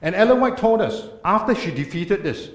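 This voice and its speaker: Man speaking in a church, fairly high, animated delivery, echoey room, earnest lecturing tone. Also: normal speed. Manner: earnest, emphatic lecturing with rhetorical questions. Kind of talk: church talk. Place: church hall.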